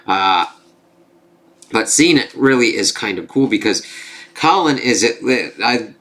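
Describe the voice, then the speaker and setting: A man's voice: mid-range voice, expressive, takes it slowly, a bit bright. A man recapping a TV episode in a rambling, casual way, swearing freely and using lots of fillers. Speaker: TV reviewer.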